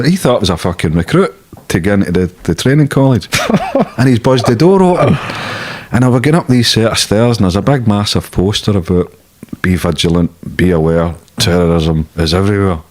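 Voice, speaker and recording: Low-voiced Scottish man telling blunt stories. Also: moderate pace, a little mellow. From Scotland. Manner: blunt, swearing freely, laughing at his own stories. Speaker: interview guest. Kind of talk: casual storytelling interview.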